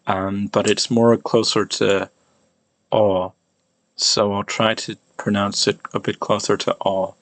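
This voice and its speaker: Low-voiced American man, slow and hesitant, drilling vowel sounds over and over; dry, close recording. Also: flat delivery, fairly bright tone, dry recording. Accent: American English. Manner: hesitant, many restarts, repeats sounds over and over. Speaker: language hobbyist teaching pronunciation. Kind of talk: casual pronunciation practice video.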